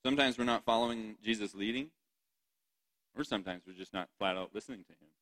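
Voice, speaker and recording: Bright-voiced man preaching with chatty laughs. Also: fairly low pitch, fast talker, rough recording. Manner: chatty, laughs often, asks the audience "right?". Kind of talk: sermon.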